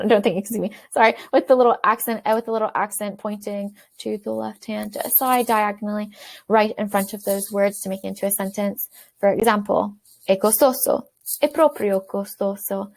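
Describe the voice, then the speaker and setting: A woman teaching beginners in a self-recorded video lesson, repeating words slowly and clearly for learners. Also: medium pitch. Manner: clear, slow repetition for learners. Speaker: language teacher.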